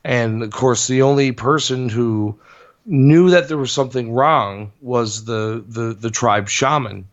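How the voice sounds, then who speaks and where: A man co-hosting a podcast, explaining things in a halting, hesitant way. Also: medium pitch, muffled recording. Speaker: podcast co-host. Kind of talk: casual podcast chat.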